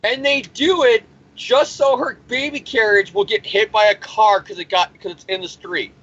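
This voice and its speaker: A man's voice: high voice, fairly even intonation, moderate pace, fairly bright tone, husky. A man recapping a comic issue in a rambling, profane, sarcastic way, as the host of a review show. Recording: dull lo-fi recording.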